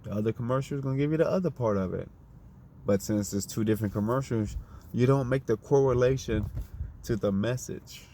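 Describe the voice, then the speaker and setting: A man's voice: medium pitch, brisk, mellow, slight background noise. A man delivering a fiery, profane, unscripted monologue, firing off rhetorical questions in a preachy tone.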